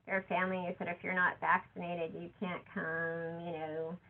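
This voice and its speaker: A woman's voice: moderate pace, vocal fry. Woman speaking over a tinny line. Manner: conversational, quotes others with lively shifts in pitch. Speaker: conference speaker. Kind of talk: conference talk. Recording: tinny phone-like audio.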